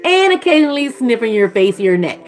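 A woman, chatting casually to camera as a vlogger and mother, rambling and gushing. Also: quick pace. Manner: rambling and gushing, swings into high excited voices.

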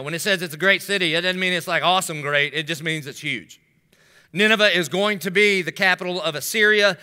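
In a large church sanctuary with long hall reverb, a middle-aged male pastor preaches a sermon, telling funny stories and making humorous asides to the congregation. His high-pitched voice is bright, forceful, clear, and resonant.

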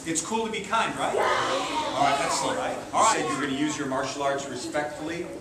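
A man, a martial arts instructor, giving an energetic call-and-response talk to children at a school assembly, coaxing them to repeat phrases. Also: a little high, moderate pace, over a noisy crowd. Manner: energetic, coaxing, asks questions and has the kids repeat phrases. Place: large echoey room such as a school gym. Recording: echoey hall from far off with kids' noise. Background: children's voices and room noise.

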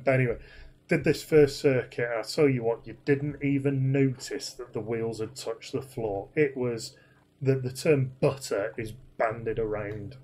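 A man's voice: medium pitch, a little mellow. A man casually telling a rambling, self-deprecating anecdote, full of fillers and restarts. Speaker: flight sim streamer.

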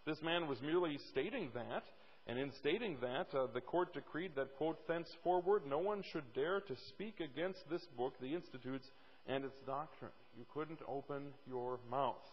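A man's voice: a little high, moderate pace, husky, in a large hall, lo-fi sound. A male pastor preaching a sermon emphatically, repeating words for stress, at a church pulpit mic.

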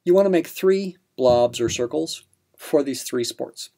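Gravelly patient math teacher, man. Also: medium pitch, animated, unhurried, dark tone. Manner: patient step-by-step explanation with fillers. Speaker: math instructor. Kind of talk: explaining a practice problem.

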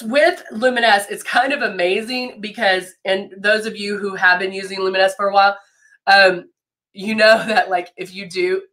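Bright-voiced stuffed-up woman hosting a live demo. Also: mid-range voice. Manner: chatty, greets viewers by name, laughs often. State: stuffed-up nose from a head cold. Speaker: brand educator hosting a live makeup demo. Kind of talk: live-stream makeup tutorial.

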